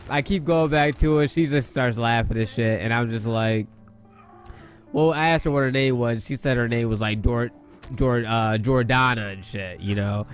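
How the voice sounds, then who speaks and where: Young male gamer-storyteller, mid-pitch, boastful and profane, low music bed. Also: moderate pace. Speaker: gaming YouTuber. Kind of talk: casual storytelling over gameplay. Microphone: gaming mic at a desk.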